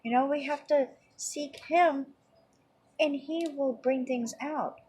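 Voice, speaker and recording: A woman's voice: sits high, takes it slowly, a little mellow, rough recording. A woman teaching an informal Bible lesson in a rambling, conversational way, full of "you know" and "um".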